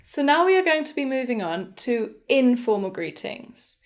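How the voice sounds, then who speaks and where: A young woman teaching a beginner English lesson, speaking slowly and clearly and modelling example phrases. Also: fairly high pitch, big pitch swings, over music. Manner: slow, clear, demonstrative pronunciation of example phrases.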